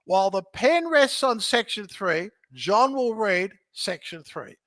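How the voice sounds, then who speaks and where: An energetic man with a high, bright voice explains his methods as a podcast guest. He talks in a lively, joking way and keeps checking in with his listener. The sound is dry and close. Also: unhurried, no room sound. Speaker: podcast guest, real estate educator. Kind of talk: animated teaching in conversation.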